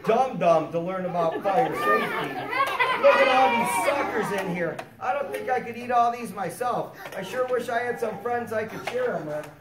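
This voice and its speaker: A patient, loving mother gives her son safety rules in a calm, instructive tone, as a man puts her on. The voice sounds distant and echoey in a classroom. Children chatter over a steady noise. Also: high-pitched, moderate pace.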